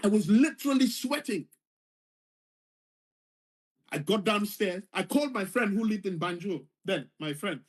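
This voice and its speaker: A man's voice: high-pitched, lively intonation, unhurried, long pauses. A man earnestly retelling a personal story, repeating phrases for emphasis. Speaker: former foreign service official telling his story.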